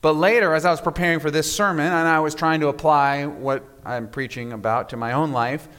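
A man preaching a sermon as pastor, measured and reflective, often letting his voice fall to a soft hush at the end of a phrase. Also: on the high side, fairly even intonation, clean tone. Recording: long reverb of a large hall.

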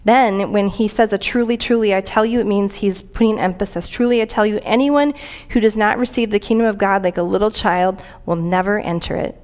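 An earnest woman delivers a conversational sermon in a church, her voice sitting at an ordinary middle pitch. She talks plainly to her congregation and stops now and then to read aloud from scripture and a commentary. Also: fairly even intonation, brisk, darkish tone. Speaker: preacher.

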